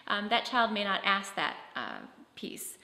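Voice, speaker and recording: A woman's voice: mid-range voice, very animated, unhurried, pushed and bright. A woman giving a conference talk, conversational, with frequent fillers and restarts. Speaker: presenter on autism. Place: conference hall. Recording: echoey hall with long reverb.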